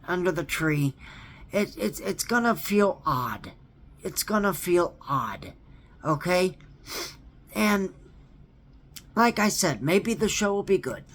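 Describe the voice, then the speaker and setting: A man talks slowly and deliberately, stumbling over his words and doubling back on them. He keeps pressing his point with emphatic repeats, and he checks in with a pleading "okay?" as he vents in a casual rant. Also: high voice, fairly bright tone. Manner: earnest and emphatic. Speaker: theme park fan vlogger. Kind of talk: ranting casual monologue.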